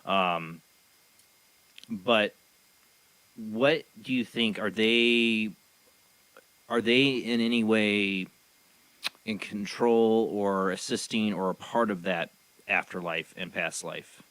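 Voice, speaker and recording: A man's voice: on the low side, fairly even intonation, slow pace, long pauses, a bit bright, dry recording, poor audio. A man hosting a radio talk show, asking questions and dropping in short supportive remarks. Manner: asks questions and gives short supportive interjections. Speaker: host.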